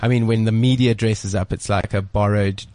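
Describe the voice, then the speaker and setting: Teasing radio host, low voice. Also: male voice, steady tone, moderate pace, dark tone, no echo. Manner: joking, teasing, dry asides. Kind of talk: casual radio chat. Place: radio studio.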